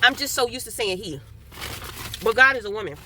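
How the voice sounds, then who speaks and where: Candid, profane woman with a bright voice. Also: fairly high pitch, expressive, brisk, a little hiss or hum. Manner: candid, profane, laughs often; talking while eating and drinking. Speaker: vlogger. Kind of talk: casual monologue.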